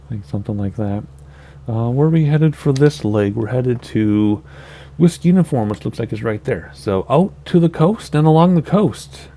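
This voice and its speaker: A gaming channel host, a man with a mid-range voice, chats casually at normal speed during a flight simulator let's-play. He sounds relaxed and chatty, thinking aloud with small laughs as he sets up a flight, and there's a little hiss or hum in the recording.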